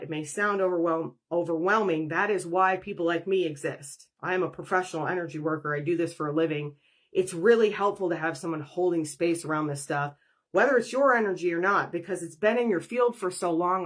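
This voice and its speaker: Acting out inner dialogues, a professional energy worker delivers a conversational monologue on her spiritual podcast. She has a lowish voice.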